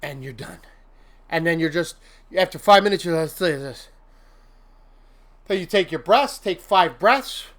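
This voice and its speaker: A man's voice: high voice, animated, normal speed, fairly bright tone. A man hosting a casual motivational livestream, rambling and laughing often, breaking into silly mock-venting with made-up curses. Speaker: host.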